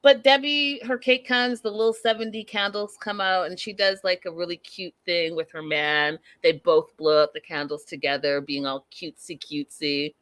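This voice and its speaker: A woman's voice: on the low side, fairly even intonation, normal speed, few pauses, a bit bright, no room sound. A woman hosting a live recap show, talking straight to her viewers in a chatty, amused way.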